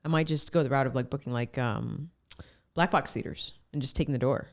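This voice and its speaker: A woman's voice: a bass voice, a little fast, creaky. A woman, a stand-up comedian, chatting as a podcast guest in a loose, agreeable way, with lots of "yeah" and "like.". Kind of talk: casual podcast chat.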